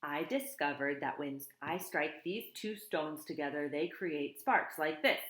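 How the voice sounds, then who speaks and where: A woman voicing a calm, polite female robot who speaks in a careful, formal way. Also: sits low, measured pace, echoey room, poor audio.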